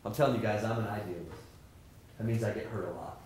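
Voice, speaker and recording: Middle-aged male lecturer, lively and joking, plays out voices in his anecdotes; average pitch, roomy hall with faint noise. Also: fast. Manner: animated, joking, acts out quoted people. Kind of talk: energetic lecture to students.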